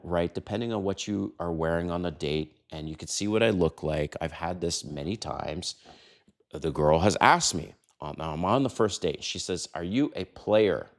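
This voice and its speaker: A brash man in his fifties talks straight to the camera about dating and does not hold back on the swearing. His voice sits low, but his pitch swings widely as he punches words and drops into quick mimicry. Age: 50s. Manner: brash, emphatic, swears, mimics quoted lines in a higher voice. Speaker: dating advice host. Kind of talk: casual talking-head advice monologue.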